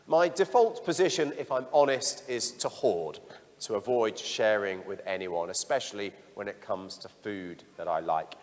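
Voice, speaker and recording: Middle-aged priest preaching in a reverberant church. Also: male voice, lowish voice. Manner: candid, self-deprecating storytelling. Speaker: parish priest. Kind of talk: sermon.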